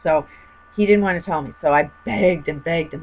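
A woman's voice: sits low, normal speed, dull audio, a little hiss or hum. A woman telling a personal story in a rambling, heated way, full of fillers. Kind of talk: personal testimony monologue.

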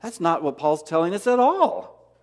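A man's voice: high-pitched, sing-song, normal speed, long reverb tail. A man preaching a sermon as pastor, asking rhetorical questions and repeating key words for emphasis. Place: church sanctuary.

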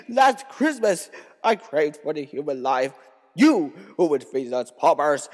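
Man giving a slow, hall-echoed poem recitation. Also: on the high side, very animated. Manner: swings between hushed grief and raised, bitter outcry. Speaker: poetry reader. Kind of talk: dramatic poetry recitation.

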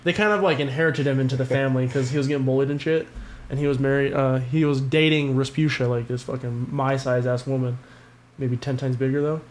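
Fast-talking crude man. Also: mid-range voice, fairly even intonation. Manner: crude, vulgar storytelling with lots of swearing. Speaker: podcast co-host. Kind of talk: casual podcast banter.

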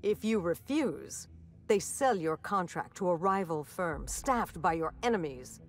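A woman's voice: lowish voice, expressive, unhurried. An actress playing a bitter, unyielding woman villain in a video game, speaking in a cold, clipped, contemptuous way. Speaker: game character.

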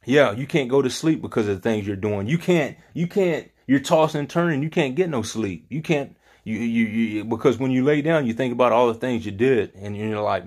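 A man's voice: mid-range voice, a little fast, hardly any pauses. A man leading an informal Bible study, talking earnestly in a rambling way and often searching for his words.

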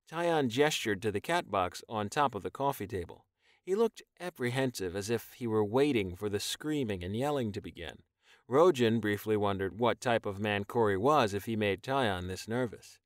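A man narrating a novel as an audiobook, in an expressive storytelling manner. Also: on the low side, normal speed, dry recording, clean studio sound. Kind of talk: scripted narration.

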